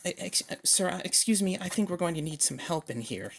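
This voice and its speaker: A man's voice: high voice, animated, a little fast, gravelly, very noisy, voice pushed up. A man playing a condescending male psychiatric doctor who lectures a patient, in an amateur one-man reenactment. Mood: alarmed. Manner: lecturing, scolding, bureaucratic.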